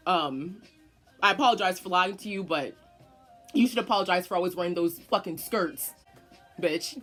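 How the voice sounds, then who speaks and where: A young woman telling a personal story in a casual vlog, animated and swearing often. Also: lowish voice, moderate pace, soft background music. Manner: animated, profane, dramatic storyteller. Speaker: vlogger.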